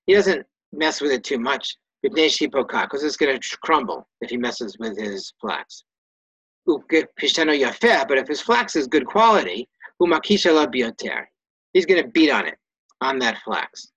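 With the highs cut off and no room sound, a man's husky, fairly bright mid-range voice takes on a sing-song lilt at a moderate pace. During a Torah study class, he reads Hebrew and Aramaic phrases and translates each plainly in a relaxed, self-correcting manner.

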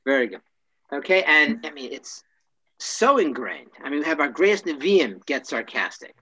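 Guy teaching a relaxed class, jokey and dry, kinda muffled recording. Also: a little high, normal speed. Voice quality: wry, joking, clears throat often. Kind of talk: casual classroom lesson.

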